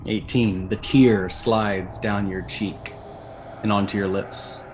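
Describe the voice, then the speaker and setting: A man running a tabletop game as dungeon master, narrating in a measured storytelling way and briefly voicing characters. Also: lowish voice, steady tone, background noise.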